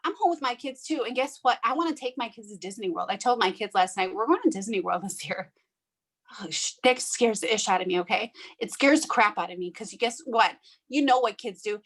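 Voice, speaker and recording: A woman's voice: medium pitch, moderate pace, a bit bright. A middle-aged woman hosting a group video call, giving a fervent, preachy motivational talk with blunt, mildly profane words.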